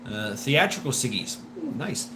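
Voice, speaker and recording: This livestream host has a medium-pitched, very animated voice at a measured pace, and background noise is audible. Answering viewer comments, he rambles, stammers, and curses often in a wheezy, smoker's rasp.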